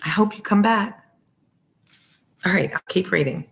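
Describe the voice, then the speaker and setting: A low-voiced woman reading a classic novel aloud as a former teacher. She keeps stopping for chatty, friendly asides and gets sidetracked easily. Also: measured pace, vocal fry. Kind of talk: casual read-aloud with asides.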